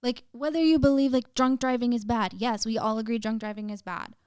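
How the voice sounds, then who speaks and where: A woman's voice: on the high side, steady tone, fairly quick, darkish tone, smooth, no room sound, clean studio sound. A young woman, a podcast guest, telling a painful personal story in casual chat, emotional, with lots of "like" fillers and some swearing.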